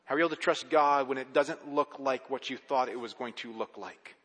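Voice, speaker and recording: A man's voice: medium pitch, brisk, a bit bright, slightly rough, big-room sound. A man preaching a sermon as a pastor, talking conversationally with rhetorical questions and restarting words when he gets going.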